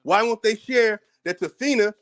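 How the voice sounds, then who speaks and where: A man's voice: sits high, moderate pace, fairly bright tone. An American man hosting his own channel, delivering a heated, profane commentary rant, combative and repeating words as he gets worked up. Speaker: channel host.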